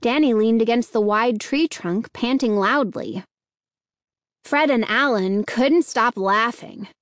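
A woman reading a children's story aloud in slow, measured narration. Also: a little high, no room sound, studio quality.

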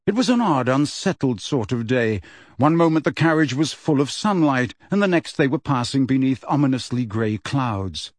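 Male audiobook narrator with a steady, measured read and a mid-range voice, recorded dry and close. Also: medium pitch, dry recording.

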